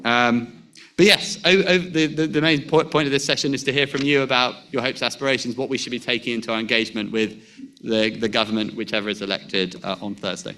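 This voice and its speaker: A man leading a panel at a formal meeting, answering questions in a measured way and restarting when he stresses a point. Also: medium pitch, steady tone, pushed and bright, slight background noise.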